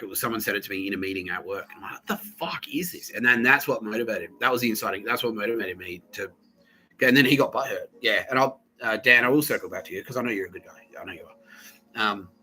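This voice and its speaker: A man hosts a podcast in casual monologue, swearing freely as the story tumbles out. His voice sits fairly low, yet the tone is very bright and tense. Delivery is animated and rambling. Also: poor audio. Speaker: podcast host.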